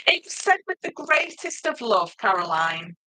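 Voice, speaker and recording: A middle-aged woman, chatting loudly and laughing often as she presents paper crafts on a live stream. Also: mid-range voice, big pitch swings, measured pace, a little hiss or hum, rough recording. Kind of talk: casual live stream chat.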